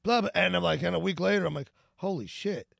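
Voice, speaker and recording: A man's voice: high-pitched, fast, vocal fry, a bit bright, dry recording, studio quality. A man rambling through crude, swear-filled podcast banter and laughing often. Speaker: podcast guest.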